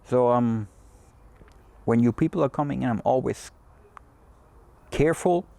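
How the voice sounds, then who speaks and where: A man's voice: medium pitch, unhurried, vocal fry, warm tone, no echo. A man hosting a cigar show, talking in a loose, rambling way with many fillers and restarts. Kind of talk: casual chat.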